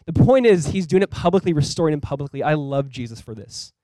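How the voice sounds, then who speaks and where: A male pastor preaching a sermon in a conversational, earnest way, with casual fillers. He often drops quiet and low on key points. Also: expressive, fast talker, dry recording, low-quality recording.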